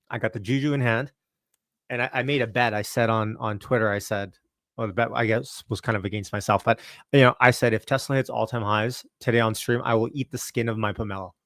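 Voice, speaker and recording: A man from Canada hosting a casual stock market livestream at home, upbeat and chatty, greeting viewers by name and keeping his voice a little low. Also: no room sound, clean studio sound. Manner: talking a bit lower and quieter to not wake the house. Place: home, early morning.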